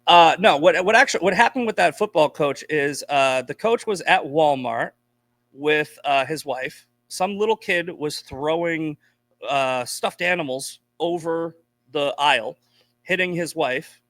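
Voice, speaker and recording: Brief: male podcast guest from Boston, blunt and profane, slightly higher voice, dry close sound. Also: a little slow, a bit bright, dry recording. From Boston, USA. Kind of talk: casual podcast chat.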